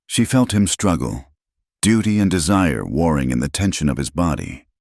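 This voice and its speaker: Man, scripted story narration, measured and hushed, very low voice. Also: lively intonation, no echo, studio quality.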